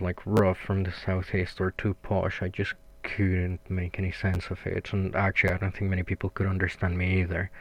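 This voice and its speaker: A man from Mexico with a Mexican accent, rambling through a solo podcast in a flat, sweary, self-mocking way. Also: sits low, no echo, lo-fi sound. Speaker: podcast host.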